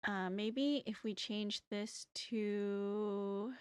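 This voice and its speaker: A woman's voice: medium pitch, fairly even intonation, drawn-out words, a little mellow, clear, resonant tone. A young woman streaming a game live, chatting casually and greeting her chat by name.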